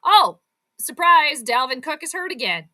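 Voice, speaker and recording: A woman with a high, sing-song voice speaks at a measured pace, her tone bright and forceful. She's doing live sports commentary and chatting on her stream, sounding like a fired-up fan who's exasperated and sarcastic about how her team is playing.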